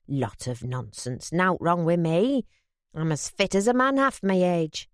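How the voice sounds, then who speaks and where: Woman doing a gruff Yorkshire father in his fifties. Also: fairly low pitch, expressive, unhurried, no room sound, studio quality. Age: 50s. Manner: gruff, blunt, grumbling. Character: gruff proud Yorkshire father, aged fifty.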